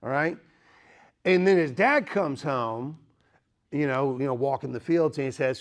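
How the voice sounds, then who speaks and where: A man's voice: medium pitch, moderate pace. Joking male lecturer. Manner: lively, joking, asks the audience questions. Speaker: speaker. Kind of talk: apologetics lecture.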